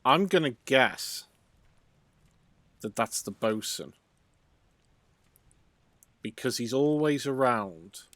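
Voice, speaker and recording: A man's voice: mid-range voice, expressive, slow pace, pauses often, a bit bright, no echo. Musing man streaming a game. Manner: thinking aloud, musing. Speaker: let's play streamer. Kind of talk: casual game commentary.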